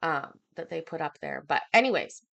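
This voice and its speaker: A woman hosting a casual livestream, chatting with viewers and reading their comments. She sounds a little hoarse and short of breath from a cough, with lots of ums. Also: low-pitched, expressive, normal speed, a bit bright, lo-fi sound. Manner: chatty, filler-heavy, reads out viewer comments. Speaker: livestream host.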